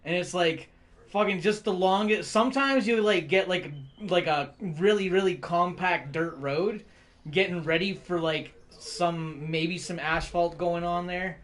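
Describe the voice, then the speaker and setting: A man's voice: high voice, measured pace, fairly bright tone. A man, chatting casually as a streamer, rambling, swearing constantly and laughing often. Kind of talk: casual chat.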